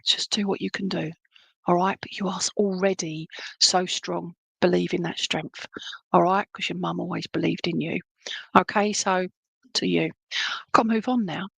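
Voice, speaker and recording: A woman medium gives a chatty, rambling clairvoyant reading and keeps checking in with her listener. Her mid-pitched voice has a gravelly rasp, recorded dry and close. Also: steady tone, moderate pace, a bit bright, no echo. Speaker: spiritualist medium.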